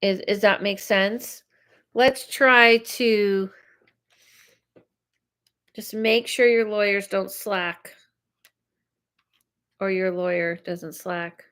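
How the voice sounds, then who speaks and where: Woman psychic host, casual live-stream chat, mid-range voice, slow delivery. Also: mid-range voice, steady tone, a bit bright, smooth. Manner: chatty, reacts to viewer comments aloud.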